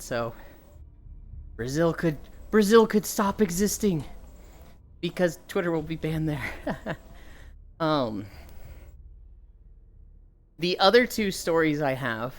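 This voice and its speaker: A young woman livestreamer chatting casually and telling stories, often breaking into laughter. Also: deep voice. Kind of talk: casual chat.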